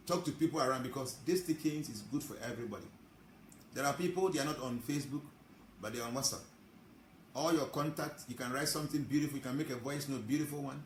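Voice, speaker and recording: A man giving a sermon as a spiritual teacher, emphatic, with drawn-out phrases. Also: mid-range voice. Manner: emphatic, drawn-out phrasing, chuckles between points. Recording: roomy with faint ambient noise.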